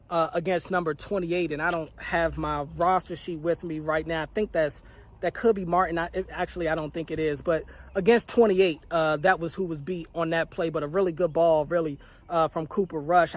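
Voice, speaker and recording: High-voiced man giving a sports recap. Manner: conversational, steady play-by-play listing. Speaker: training camp reporter. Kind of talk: spoken practice recap.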